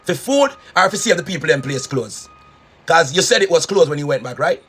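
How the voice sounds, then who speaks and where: A man's voice: a little high, expressive, a little fast, fairly bright tone, husky. A man ranting in a mocking, repetitive way in a reaction video. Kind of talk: heated video rant.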